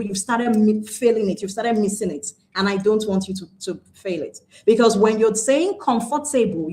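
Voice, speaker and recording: Nigerian woman teaching English pronunciation. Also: on the high side. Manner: deliberate, repeats key words, slows to stress points. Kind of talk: classroom lesson.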